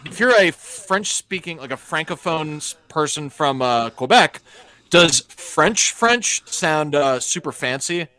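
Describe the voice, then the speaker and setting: A man's voice: fairly high pitch, lively intonation, a little slow, sharp tone, no echo. A man hosting a casual podcast, asking thoughtful questions in an easygoing way. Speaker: podcast host.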